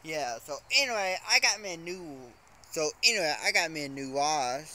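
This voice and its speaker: A man's voice: a little high, animated, normal speed, pushed and bright. A man from Mississippi with a Southern accent, chatting casually to camera in a rambling way and repeating "so anyway.". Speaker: vlogger. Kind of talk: casual vlog chat to camera.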